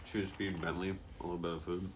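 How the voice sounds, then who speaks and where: A man's voice: deep voice, flat delivery, very fast, slight background noise. A young man telling a story in casual chat, swearing often and laughing between lines.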